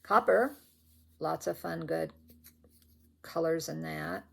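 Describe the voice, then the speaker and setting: With a low, creaky, husky voice and a fairly bright tone, an older woman takes it slowly as she vlogs about her stitching from home indoors. It's a casual show-and-tell chat, rambling and full of self-corrections as she displays her threads.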